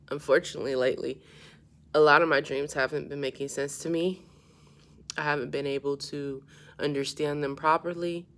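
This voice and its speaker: A woman with a notably low, deep speaking voice recounts a dream in a loose, casual monologue. Her delivery is unfiltered and full of swearing, and it swings between low-key musing and excited retelling. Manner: animated and profane, grows louder and more excited as the story builds; low-key and subdued at the start. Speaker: vlogger.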